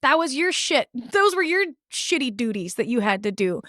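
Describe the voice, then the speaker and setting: A woman's voice: fairly high pitch, sing-song, normal speed, fairly bright tone, dry recording, clean studio sound. A young woman co-hosting a podcast, talking candidly and swearing freely as she recounts experiences. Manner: candid, swears freely, acts out quoted people. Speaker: podcast co-host. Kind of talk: casual chat, recounting experiences.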